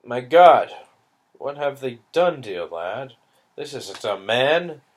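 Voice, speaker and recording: An earnest English soldier, fatherly and concerned, as a male audiobook reader puts him on. He sits well above the reader's own register and comes out loud and pressing. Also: medium pitch, sing-song, slow pace, voice pushed up. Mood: pitying. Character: compassionate British soldier, adult man.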